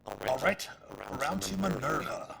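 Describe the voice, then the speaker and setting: Gravelly, lively-voiced male dungeon master. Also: on the high side, slight background noise. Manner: halting, full of uh fillers. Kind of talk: running a tabletop game live.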